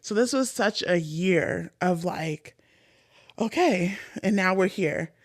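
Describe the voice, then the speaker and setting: A woman podcast host telling a personal story in an animated, chatty way, full of "like" fillers. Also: lowish voice, slow, no room sound, clean studio sound.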